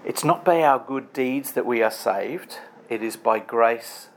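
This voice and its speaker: A man's voice: mid-range voice, measured pace, slight background noise. A man preaching a sermon in a conversational, storytelling way, building emphatic lists.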